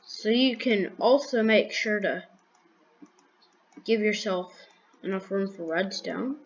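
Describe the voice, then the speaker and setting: Slow, dry-humored woman thinking aloud. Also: mid-range voice, lo-fi sound. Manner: unhurried, thinking aloud with restarts and counting. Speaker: gaming video creator. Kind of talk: casual Minecraft build commentary.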